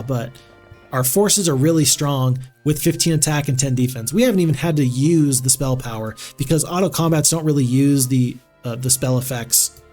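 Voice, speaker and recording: A man's voice: fairly high pitch, darkish tone. Chatty, rambling male game streamer. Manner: chatty, rambling, many restarts. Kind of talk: casual live-stream commentary.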